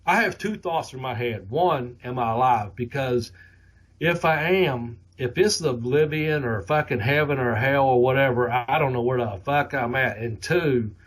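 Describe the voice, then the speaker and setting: A man's voice: mid-range voice, normal speed, breathy edge. A middle-aged man hosting a podcast, telling rambling, heavily profane stories in a casual way. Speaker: podcast host. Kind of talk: casual storytelling.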